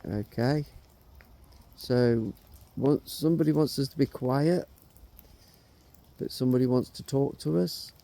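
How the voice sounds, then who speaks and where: A middle-aged man on a ghost hunt, calling out slowly and coaxingly to spirits and asking their names. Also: mid-range voice, gravelly, mellow, no room sound. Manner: slow, coaxing questions to spirits. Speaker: paranormal investigator.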